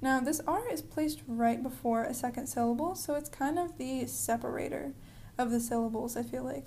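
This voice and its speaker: A woman giving a pronunciation lesson in a friendly, explanatory way, slowing down to model words. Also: fairly high pitch, dark tone, a little hiss or hum. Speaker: language teacher.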